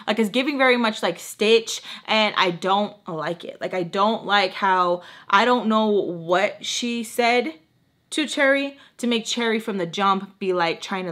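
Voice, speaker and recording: A woman in her twenties chatting to her camera in a casual storytime, sassy and full of attitude. Her voice is bright and forward, at an ordinary pitch for a woman. She slips into quoted back-and-forth as she tells it. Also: unhurried. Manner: sassy, animated, acts out quoted dialogue. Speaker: beauty vlogger.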